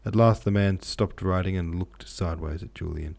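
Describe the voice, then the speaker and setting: A man narrating a classic novel aloud in a measured reading voice. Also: sits low, gravelly, a little mellow. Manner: measured, occasionally self-correcting. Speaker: audiobook narrator.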